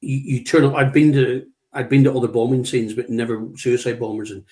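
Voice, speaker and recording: A middle-aged British man who trains leaders is interviewed in a conversational, anecdotal style. His mid-range voice is level, brisk and darkish, and he hammers home key words through repetition while acting out what he would say.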